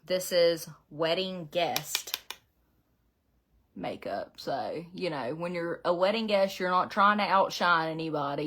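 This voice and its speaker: A woman's voice: on the low side, fairly bright tone. A middle-aged woman with a Southern Georgia accent, chatting casually and rambling with frequent laughs while doing her makeup at home. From Southeast Georgia, USA. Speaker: beauty vlogger. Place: her home beauty room, indoors.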